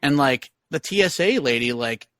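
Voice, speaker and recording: Bright-voiced man telling rambling anecdotes. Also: medium pitch, expressive, normal speed, no room sound. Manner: rambling anecdotal storyteller, many fillers. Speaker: podcast co-host. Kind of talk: casual chat.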